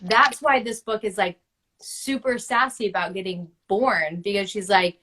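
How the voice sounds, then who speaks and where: In a spiritual coaching conversation over video, a book-writing coach in her thirties hosts a guest with a bright, forceful, medium-pitched voice at a measured pace. She's emphatic and intense, peppering her speech with "like."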